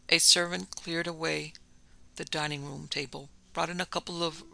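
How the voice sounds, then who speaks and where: A man narrating a classic story for an audiobook in a measured, descriptive way. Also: a little high, vocal fry, sharp tone, poor audio.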